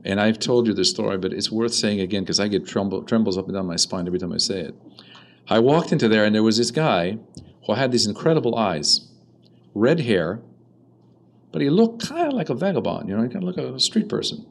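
Orthodox priest, male, low-ish voice; chatty anecdotal sermon, light room noise. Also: brisk, gravelly, rough recording. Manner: conversational, animated storytelling with quoted dialogue. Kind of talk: storytelling sermon.

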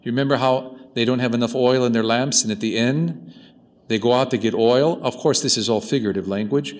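A man preaching a sermon as a priest, talking to his congregation in an animated way, moving from quiet, intimate asides to loud, emphatic peaks. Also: medium pitch, a little fast, big-room sound. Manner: animated, swings from soft to loud.

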